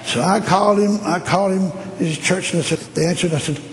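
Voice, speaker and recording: Man, fairly high-pitched, preaching a story in a hall with long reverb; he animates every quote. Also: fairly quick. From Tennessee, US. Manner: lively, acts out dialogue with jumping pitch. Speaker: preacher telling a testimony. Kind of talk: sermon storytelling. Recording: echoey hall with long reverb, faint noise.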